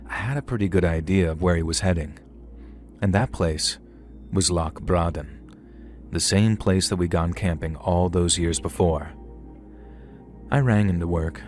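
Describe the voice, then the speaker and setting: A middle-aged man narrating a first-person horror story in a measured, dry storytelling manner. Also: low voice, darkish tone.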